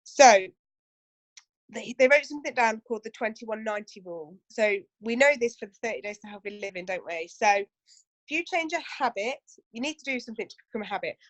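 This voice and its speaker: A woman's voice: a little high, animated, fairly quick, dry recording. Chatty woman giving team training. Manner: chatty, full of asides and rhetorical questions. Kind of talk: casual training talk to a team.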